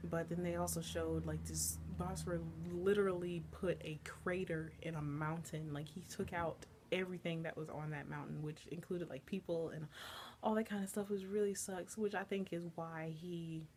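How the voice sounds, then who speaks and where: A woman with a fairly low voice chats eagerly through an episode recap, full of casual filler words. Her delivery is loose and conversational, like a fan talking to her followers. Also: steady tone, normal speed, a little mellow, a little hiss or hum. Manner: enthusiastic, chatty, filler-heavy. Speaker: anime reviewer.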